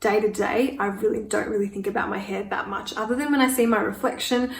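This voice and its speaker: A woman's voice: medium pitch, steady tone, fast, gravelly. A woman in her twenties doing a get-ready-with-me Q&A while applying makeup, speaking candidly and growing emotional. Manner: candid, emotional, tearful at times. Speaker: beauty vlogger. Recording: echoey room from a distance with faint noise.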